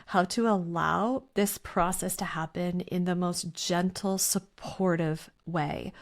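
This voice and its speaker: A woman guest in a podcast interview, speaking at a middle pitch. She talks earnestly and reads items aloud slowly, one by one. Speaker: guest, workshop teacher.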